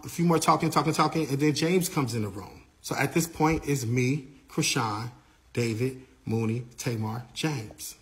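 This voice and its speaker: A man working as a tour manager, retelling events in a casual, animated way and quoting the people involved. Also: mid-range voice. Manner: animated storytelling, quoting others.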